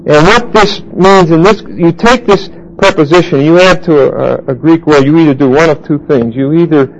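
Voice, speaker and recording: A man teaching a Bible class verse by verse, halting with fillers and restarts and putting questions to his listeners. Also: fairly high pitch, gravelly, a little hiss or hum, low-quality recording.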